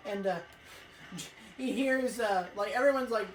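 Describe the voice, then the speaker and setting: A woman telling a rambling, swear-filled school story while playing a racing game, with excitable outbursts. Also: mid-range voice, moderate pace, a little hiss or hum. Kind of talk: casual let's-play storytelling. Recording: echoey room, faint music.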